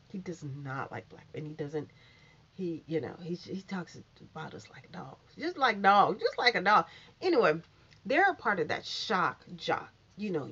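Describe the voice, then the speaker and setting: Animated sassy woman, lo-fi recording. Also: mid-range voice. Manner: animated and sassy, swinging from loud to hushed. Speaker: commentary vlogger. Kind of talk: casual opinion monologue. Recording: muffled lo-fi recording.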